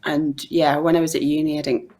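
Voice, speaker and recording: A woman's voice: low voice, level tone, brisk, a little mellow. A woman in her thirties with a strong Yorkshire accent, chatting as a podcast guest over a video call and laughing often. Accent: Yorkshire English. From Yorkshire, England. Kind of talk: casual video-call chat.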